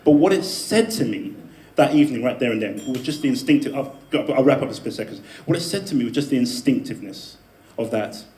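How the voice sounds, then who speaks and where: A man telling a personal story to a live audience in a debate speech, animated, with laughing asides and emphatic peaks. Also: medium pitch, quick pace. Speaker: debate speaker. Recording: echoey room with faint ambience.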